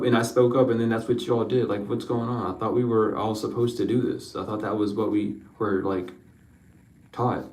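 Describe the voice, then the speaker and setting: A man's voice: medium pitch, fairly even intonation, normal speed, warm tone, distant mic. Impassioned man in a roomy echo. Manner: impassioned, rambling, repeating questions, swearing. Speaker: spiritual card reader. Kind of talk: emotional spiritual reading monologue.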